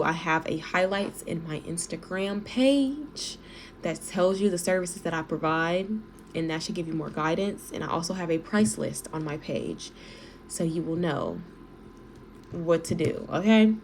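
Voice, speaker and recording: Chatty low-voiced young woman reader. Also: moderate pace, darkish tone, slight background noise. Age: 20s. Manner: chatty, playful, talks straight to viewers. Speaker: tarot reader. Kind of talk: casual tarot reading.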